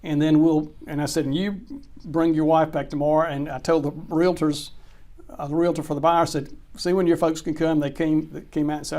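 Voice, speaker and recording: Middle-aged man, lively anecdote teller, a bit high-pitched. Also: a little fast. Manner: animated anecdote teller, acts out quoted dialogue. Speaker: real estate closing attorney. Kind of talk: storytelling in an interview.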